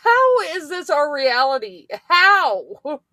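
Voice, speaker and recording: A woman's voice: high voice, sing-song, slow, pushed and bright, no room sound. A woman co-hosting a casual political talk show, laughing in disbelief as she talks. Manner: laughing, incredulous. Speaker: podcast co-host.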